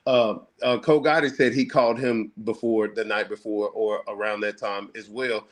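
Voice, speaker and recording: A man hosting a heated casual talk, laying out his argument fast and profanely, firing off questions. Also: lowish voice. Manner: fast, rapid-fire, profane, animated. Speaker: podcast host.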